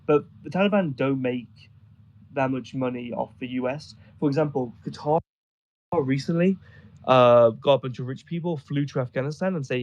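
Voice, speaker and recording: A man with a medium-pitched, slightly mellow voice talks at normal speed over a muffled voice chat recording. As a guest, he tells rambling, amused stories about traveling in Afghanistan, full of fillers.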